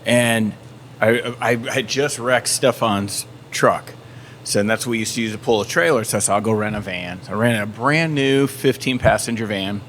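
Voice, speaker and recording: Guy telling a wild story, acts out the yelling parts, bit of hiss behind him. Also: on the low side, moderate pace. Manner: animated storyteller, acts out shouted quotes. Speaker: band member. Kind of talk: storytelling in casual chat. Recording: faint background noise.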